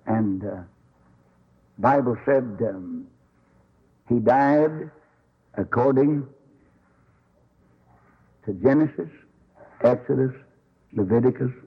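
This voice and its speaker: A man preaching a sermon, telling stories in an animated, folksy way and acting out the quotes. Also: mid-range voice, husky, highs cut off.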